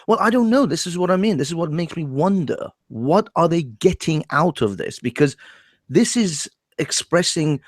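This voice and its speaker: Animated man ranting in casual talk. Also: fairly high pitch, normal speed, no room sound, studio quality. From Middle East, Persian family. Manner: animated, ranting, laughs often, repeats words. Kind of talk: casual discussion.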